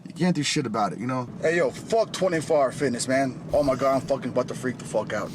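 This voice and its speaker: A man in a heated, profane rant, words tumbling out fast. His pitch sits in the ordinary middle range. A faint hum of room ambience lies under his voice. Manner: fast, heated, swearing constantly. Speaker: vlogger in a played clip.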